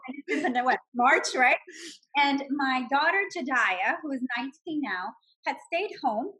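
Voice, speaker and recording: A woman in her forties telling her personal story with animated emotion, laughing often. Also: sits high. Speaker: guest sharing her story. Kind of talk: personal testimony.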